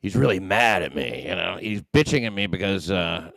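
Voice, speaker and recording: A man's voice: low voice, lively intonation, moderate pace, gravelly, fairly bright tone, dry recording, studio quality. A man hosting his own livestream, ranting in a profane, combative way with many fillers and restarts. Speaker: livestream host. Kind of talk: ranting monologue.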